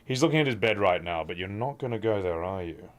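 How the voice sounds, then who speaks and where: Lively man streaming. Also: low-pitched, fast talker. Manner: affectionate baby talk to his cat. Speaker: game streamer. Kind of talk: casual stream chat.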